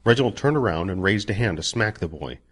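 A man narrating a story as an audiobook, expressive and giving each character a voice. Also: lowish voice, fast talker, husky.

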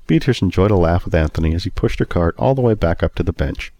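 A man reads a story aloud in a steady, even manner. His voice sits low, and the recording is dry and close. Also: quick pace, few pauses, no room sound. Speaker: narrator. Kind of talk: storybook narration.

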